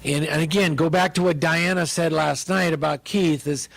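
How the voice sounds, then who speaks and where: A man pastor teaching about marriage, joking and animated as he speaks to his listeners. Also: a little high, moderate pace, creaky, no echo, low-quality recording.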